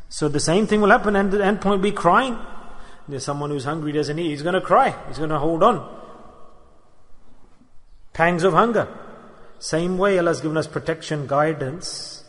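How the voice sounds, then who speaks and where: A man's voice: a little high, moderate pace, fairly bright tone. A man from the UK giving an earnest religious sermon, repeating his points and acting out small parables. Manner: earnest and repetitive, voicing people in little parables. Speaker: sheikh giving a religious talk. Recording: long hall reverb.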